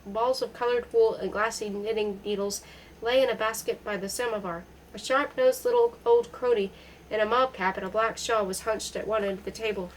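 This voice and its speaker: A woman narrating a literary novel aloud in a measured, even audiobook reading. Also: mid-range voice, a little hiss or hum, low-quality recording. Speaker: audiobook reader.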